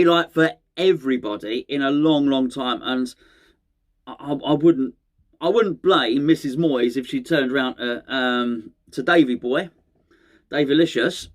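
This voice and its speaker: Chatty man, slightly high voice. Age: middle-aged. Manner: rambling, chatty, self-correcting. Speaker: fan channel host. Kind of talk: casual solo fan chat to camera.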